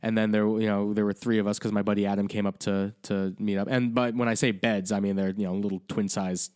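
A man co-hosting a podcast, trading quick teasing jokes and telling travel stories in casual banter. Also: on the low side, level tone, a little mellow, smooth. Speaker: podcast co-host.

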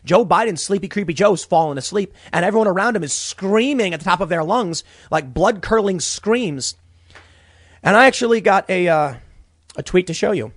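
A man's voice: high voice, lively intonation, moderate pace, no room sound. A young man hosting a political commentary show from a small closet studio, ranting animatedly and stammering through repeated words. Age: young adult.

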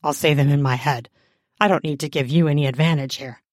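A woman voicing a bossy, bookish woman professor in an audiobook, talking low and dry. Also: fairly even intonation, fairly quick, no room sound, lightly acted. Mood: grumbling. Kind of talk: audiobook character voice.

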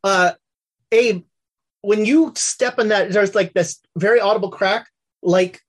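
A woman running a tabletop game as game master, narrating in a loose, halting way. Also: mid-range voice.

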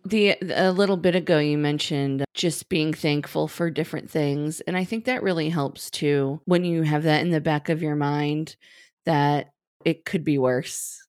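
A woman interviewer with a somewhat low voice. She asks short questions and backs up her guest with brief affirmations. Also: steady tone, a little slow, a little mellow. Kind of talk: casual interview.

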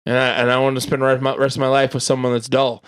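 A man's voice: medium pitch, monotone, racing, smooth. A man in casual chat, rambling through a film recommendation with filler words and swearing. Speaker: podcast co-host.

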